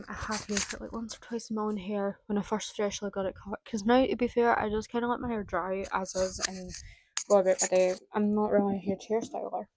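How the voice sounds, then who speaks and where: Young woman, hairdressing student, relaxed vlog chatter, quick laughs, casual swearing. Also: medium pitch, slight background noise, low-quality recording.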